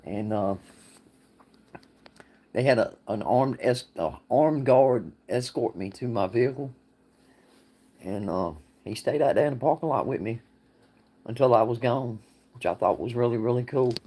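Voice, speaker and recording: A man's voice: medium pitch, unhurried, long pauses, warm tone. Folksy man chatting. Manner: rambling, laughs often, folksy. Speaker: livestream host. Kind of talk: casual livestream chat answering viewers.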